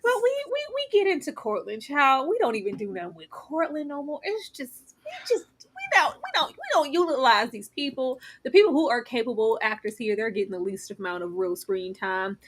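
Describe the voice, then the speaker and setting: A woman hosting a casual TV review panel, talking in an animated, emphatic way. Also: fairly high pitch, fairly quick, few pauses. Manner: animated, emphatic, acts out quotes.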